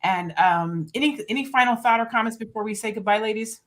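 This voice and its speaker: A woman's voice: on the high side, fairly bright tone. A woman hosting a casual chat with co-hosts over a video call, speaking in a prayerful, encouraging way. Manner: prayerful, encouraging, reads a quote slowly. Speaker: podcast host.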